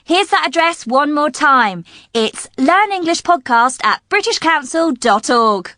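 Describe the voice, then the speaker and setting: Slow, high, bright-voiced woman host. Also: lively intonation, dry recording, studio quality. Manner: slow, clear, cheerful delivery. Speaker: podcast co-host. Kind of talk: scripted podcast presenting.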